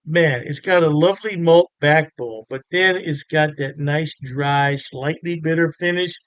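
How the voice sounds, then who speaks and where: A man's voice: fairly high pitch, measured pace, clean tone, no echo. A man giving a casual, chatty beer review to camera, upbeat and full of fillers.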